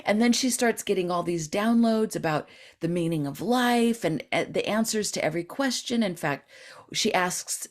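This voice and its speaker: A middle-aged woman, a guest author, telling a story in an interview and acting out the voices of the people in it. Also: normal speed. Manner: animated, acts out quoted voices with big pitch jumps. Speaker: guest author and dream expert.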